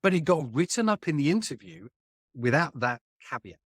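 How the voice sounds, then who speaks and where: Man, guest author, emphatic and colloquial, slightly high voice, dry close sound. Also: sing-song, normal speed, husky, no room sound. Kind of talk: casual conversation.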